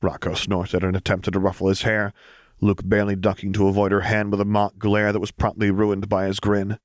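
A man narrating a story in a steady, gentle audiobook reading. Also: on the low side, brisk, no echo, clean studio sound.

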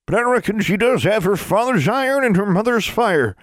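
A man's voice: high-pitched, lively intonation, brisk, no room sound, pitched above the performer's own voice. A man doing a blunt old Ozark granny witch. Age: elderly. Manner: blunt folksy drawl.

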